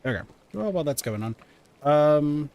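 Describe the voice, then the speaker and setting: A man's voice: on the high side, lively intonation, normal speed, a little mellow. A man streaming a game, chatting to himself and talking to the creatures he catches. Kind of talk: casual gaming livestream.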